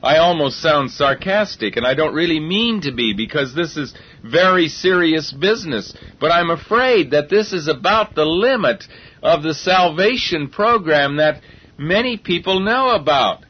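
A man's voice: a little high, expressive, normal speed, slightly rough. A man preaching a sermon in an earnest, reasoning way, often repeating words as he builds his point. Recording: dull lo-fi recording.

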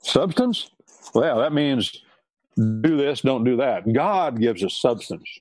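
A man's voice: mid-range voice, very animated, slow, a little mellow, soft background music. A man preaching a sermon on scripture and law, stressing and repeating key words.

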